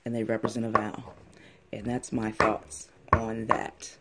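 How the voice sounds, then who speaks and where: A man explaining in a casual, rambling monologue, halting often and restarting his sentences as he goes. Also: on the low side, completely flat delivery, very noisy. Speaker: channel host.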